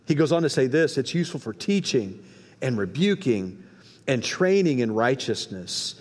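A man preaching a sermon as pastor, in a conversational, emphatic way with folksy asides. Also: a little high. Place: church sanctuary. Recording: long hall reverb.

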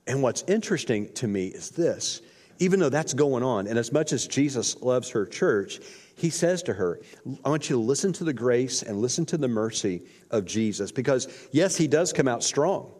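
A man's voice: mid-range voice, lively intonation, moderate pace, darkish tone. A man preaching a sermon, retelling scripture in a casual, slangy storytelling way. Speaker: pastor. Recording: long hall reverb.

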